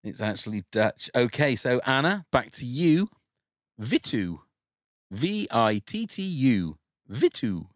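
A man's voice: medium pitch, sing-song, slow pace, dry recording, studio quality. A man hosting a casual podcast quiz, reading out words, spelling them letter by letter and laughing often. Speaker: podcast host.

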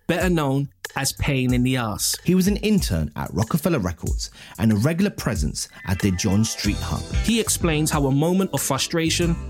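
A man reading scripted documentary narration in a measured way. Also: mid-range voice, very animated, soft background music.

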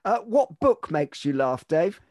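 Man, podcast host, brisk short questions, high voice, dry close sound. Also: big pitch swings, darkish tone, no echo. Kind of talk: quick-fire interview questions.

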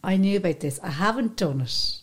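A woman's voice: mid-range voice, lively intonation, brisk, husky. An Irish woman co-hosting a podcast in casual chat, with dry, teasing banter. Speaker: podcast co-host.

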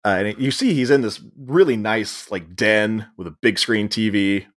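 A man's voice: lowish voice, normal speed. Man casually recapping a film. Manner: retells scenes with jokey asides and frequent laughs. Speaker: podcast co-host.

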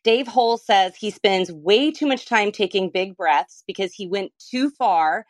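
A woman's voice: medium pitch, expressive, a little slow, dry recording. A woman co-hosting a podcast, friendly, reading out a listener's question and asking for advice. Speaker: podcast co-host. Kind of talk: casual podcast chat.

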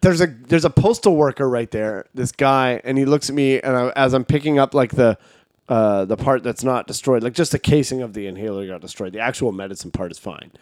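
A man, co-hosting a podcast and telling a profane, animated story in casual chat. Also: mid-range voice, fairly quick, no echo, studio quality. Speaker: podcast co-host.

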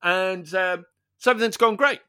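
With a high, sharp, clean-toned voice at normal speed, this man co-hosts a casual podcast. He's storytelling, acting out each character's dialogue and cursing offhandedly.

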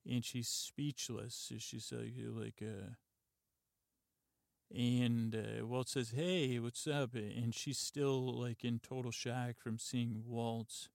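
Low-key guy recapping a tv show, slow and gravelly, lots of uhs, flat delivery. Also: dry recording, studio quality. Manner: halting, lots of "uh" and "like", quiet and meandering. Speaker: podcast host. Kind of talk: rambling sleepy retelling of a TV episode.

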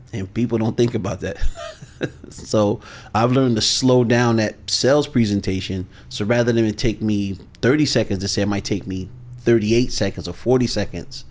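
A man talking as a sales coach guest in a podcast interview, measured, deliberate and authoritative. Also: mid-range voice.

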